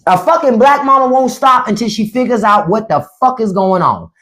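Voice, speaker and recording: Profane, animated woman podcast host. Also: fairly high pitch, normal speed. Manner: profane, animated storytelling with acted quotes. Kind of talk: casual live-stream talk.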